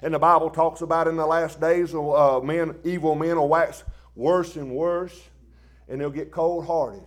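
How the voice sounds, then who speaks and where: A man preaching a sermon in a folksy, plain-spoken way, dropping to quiet asides and rising into loud impassioned bursts. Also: on the high side, steady tone, unhurried.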